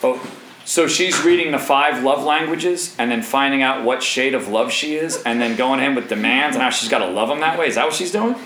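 A man in his thirties preaching a sermon in an animated, joking way, with asides to the crowd. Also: mid-range voice, brisk, reverberant, poor audio. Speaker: pastor.

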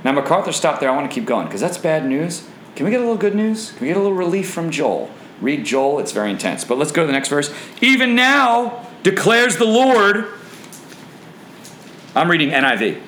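A man preaching and teaching from the Bible, asking the audience questions, his voice swinging from low and grave to high and excited. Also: fast, roomy sound, a little hiss or hum, low-quality recording.

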